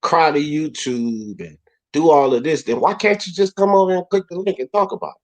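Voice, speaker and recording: A man hosting a boxing talk livestream, animated and heated, swearing freely and rising to shouts. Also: on the high side, moderate pace, rough recording.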